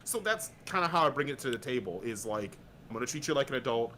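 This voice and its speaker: A man's voice: medium pitch, big pitch swings, fast, fairly bright tone, a little hiss or hum. A man speaking as a podcast guest in casual chat, blunt and profane, talking straight over a VR headset mic.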